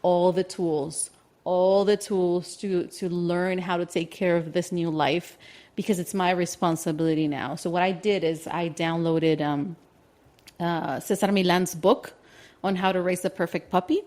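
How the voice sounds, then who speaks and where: A woman in her thirties, a podcast co-host, telling a personal story in casual chat, lively and quick with many restarts. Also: lowish voice. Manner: animated, acts out voices in her anecdotes; quick, tumbling delivery with restarts.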